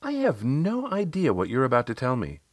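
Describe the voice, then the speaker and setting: A man's voice: mid-range voice, huge pitch swings, normal speed, breathy edge, no echo, pitched above the performer's own voice. A perky, upbeat young businesswoman, as a male podcast narrator puts her on, her voice lifted well above his own. She sounds lilting, with a dry, close sound. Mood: bright. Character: upbeat young professional woman client.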